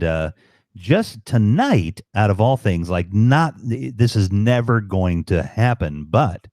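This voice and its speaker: A man, tired but animated, rambling through his stories with many ums. His voice sits fairly low but swings widely in pitch. It is dry and close, with no room sound. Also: no echo. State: tired, up past bedtime. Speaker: guest on livestream. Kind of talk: casual chat.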